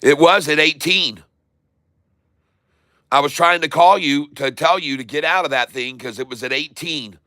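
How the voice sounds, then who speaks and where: A man streaming live day trading, narrating his buys and prices as he goes and spelling out tickers slowly. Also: on the high side, sharp tone, no echo. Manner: running commentary, repeating tickers slowly.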